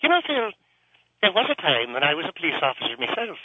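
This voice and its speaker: A man doing a lilting Irish priest, wildly animated. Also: a little high, quick pace, no room sound, lo-fi sound, full character voice. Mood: wistful. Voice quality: lilting, sing-song preachy delivery. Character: pious yet violent Irish priest, ex-cop, older man. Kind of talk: comedy radio sketch.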